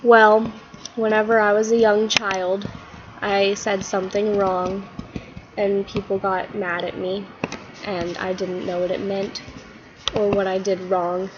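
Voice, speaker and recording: A woman's voice: mid-range voice, flat delivery, unhurried, muffled recording, close to an everyday voice. A woman doing a whiny troubled schoolboy. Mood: glum. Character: sad, confused schoolboy who keeps getting in trouble.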